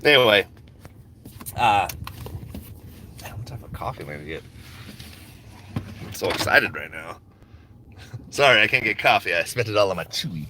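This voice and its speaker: A man's voice: lowish voice, animated, normal speed, long pauses, noisy background. Rambling, joking man on a phone livestream. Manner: laid-back, joking, swears freely, laughs often. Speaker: stock market vlogger. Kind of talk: casual rambling livestream chat. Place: in a car and at a coffee shop.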